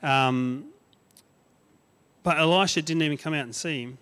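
A man's voice: on the high side, unhurried, a bit bright, clear, resonant tone, long reverb tail. A man preaching a sermon, retelling a story with many restarts and fillers.

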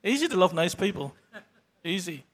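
A man giving an unscripted church testimony, halting and earnest. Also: high voice, big pitch swings, fairly bright tone. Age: 60s. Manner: halting, many restarts and fillers; earnest, grows emotional toward the end.

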